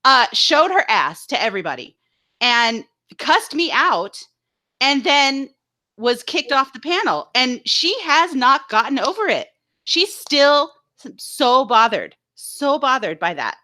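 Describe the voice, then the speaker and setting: Bright-voiced indignant woman co-host. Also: high-pitched, a little slow. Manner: animated, indignant storytelling with mocking impressions. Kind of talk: casual live-stream chat.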